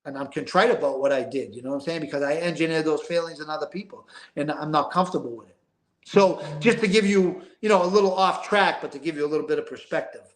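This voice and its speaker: Older guy, street-wise and emphatic, higher-pitched voice, recorded in a roomy space. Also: quick pace. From East Boston. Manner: emphatic, rambling, street-talking, profane. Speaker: guest. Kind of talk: casual interview storytelling.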